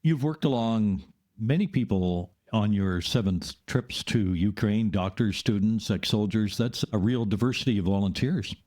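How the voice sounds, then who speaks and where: A man hosting a podcast who asks measured, prepared questions. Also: lowish voice, dark tone. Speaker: podcast host. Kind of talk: interview questions.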